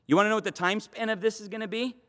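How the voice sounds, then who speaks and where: A man's voice: high voice, steady tone, racing, pushed and bright. A man preaching a Bible study, fervent and emphatic. He repeats phrases for stress and talks conversationally, with fillers and restarts. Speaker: pastor teaching a Bible study. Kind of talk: expository sermon. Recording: long hall reverb.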